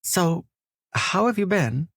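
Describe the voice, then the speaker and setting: A man voicing a teasing, stubborn young woman with a raspy voice in an audiobook romance. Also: sits high, lively intonation, slow, fairly bright tone, no room sound, studio quality, voice pushed up, exaggerated voice. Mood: playful. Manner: playful then probing, questioning. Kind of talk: audiobook narration.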